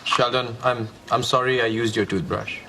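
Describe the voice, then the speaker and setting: An actor playing a sheepish young man in a sitcom who apologizes quickly. The clip is played on a podcast. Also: medium pitch, fairly even intonation, background noise, lightly acted. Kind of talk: sitcom acting.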